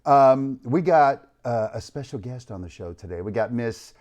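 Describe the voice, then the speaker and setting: Hyped host with a lively swinging voice. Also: male voice, moderate pace, dull audio. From United States. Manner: hyped, playful, shouts out chat names, trails off low. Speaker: host of a live online show. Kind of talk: energetic live-stream chat. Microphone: studio mic.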